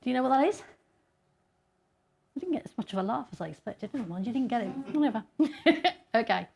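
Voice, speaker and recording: A woman's voice: on the high side, lively intonation, a little fast, vocal fry, a little mellow. A middle-aged woman giving a chatty, self-deprecating conference talk and laughing often. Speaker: conference speaker.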